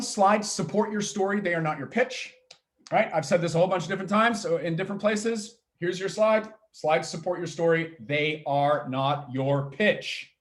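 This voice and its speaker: Man, pitch coach, fairly high voice, fast and energetic, workshop talk. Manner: energetic, talks fast with many "okay?" and "all right?" tags.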